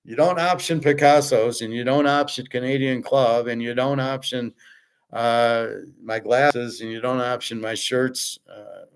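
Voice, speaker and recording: A man's voice: medium pitch, clear, resonant tone. A man hosting his own show, ranting off the cuff with heavy profanity and exasperation, often stumbling over and repeating words when worked up. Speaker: sports betting picks host. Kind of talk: unscripted ranting commentary.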